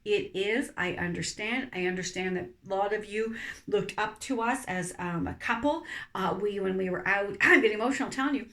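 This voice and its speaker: A woman's voice: mid-range voice, normal speed, a bit bright. A woman hosting her own podcast, talking candidly and emotionally from her couch at home, often repeating herself. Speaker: podcast host. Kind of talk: candid personal talk to camera.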